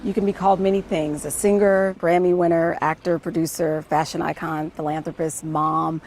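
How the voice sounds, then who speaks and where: Brief: woman from Kansas, TV interviewer, lowish voice, chatty and eager. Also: flat delivery, moderate pace, a little mellow, slight background noise. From Kansas, USA. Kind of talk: casual interview.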